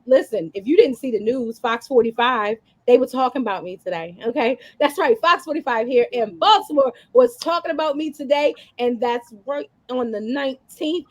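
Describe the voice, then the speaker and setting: A woman hosting and comedian, running a lively podcast chat over a video call with hyped, repetitive call-outs to the audience. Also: a little high. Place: Baltimore.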